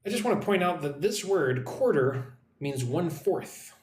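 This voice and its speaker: A man teaches English on a live stream, slowly sounding out words for learners. His voice sits a little high and swings widely in pitch. He is heard in an echoey room with a faint hum behind him. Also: animated. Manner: models pronunciation slowly, reads chat comments aloud.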